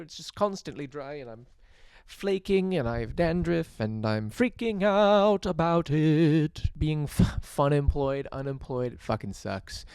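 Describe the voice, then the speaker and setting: A man's voice: medium pitch, a little mellow. A young man rambling through a casual vlog at home, self-deprecating and swearing casually. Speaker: vlogger. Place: at home, doing laundry and in his bedroom.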